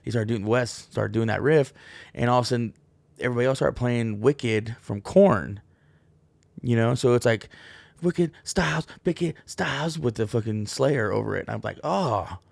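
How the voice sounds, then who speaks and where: A man's voice: mid-range voice, moderate pace, gravelly, a little mellow, no echo. A man hosting a casual show, telling rambling profane stories full of fillers and restarts. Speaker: podcast host. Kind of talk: casual storytelling monologue.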